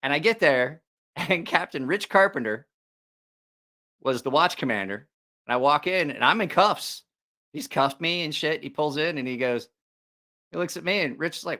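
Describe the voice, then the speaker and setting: A man hosting a knife channel, telling stories in a casual, profane, animated way. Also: medium pitch, brisk. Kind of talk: casual storytelling chat.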